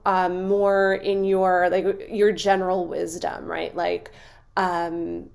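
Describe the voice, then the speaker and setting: Creaky-voiced woman teaching coaches. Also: medium pitch. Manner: earnest, reflective, with frequent "right?" check-ins. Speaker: coaching instructor. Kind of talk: teaching on a group coaching call.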